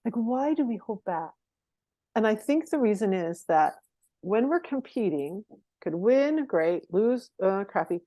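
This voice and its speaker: This middle-aged woman talks like a performance coach sharing stories on an interview. Her voice sits at an ordinary mid pitch, recorded close and dry with no room echo. She keeps the telling animated and breaks into light laughs often. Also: unhurried. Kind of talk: conversational interview storytelling.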